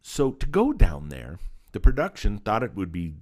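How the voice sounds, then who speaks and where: Lively low-voiced man telling stories. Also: moderate pace. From Southern California. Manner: animated storyteller, acts out voices, laughs often. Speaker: guest, special effects artist. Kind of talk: casual storytelling interview.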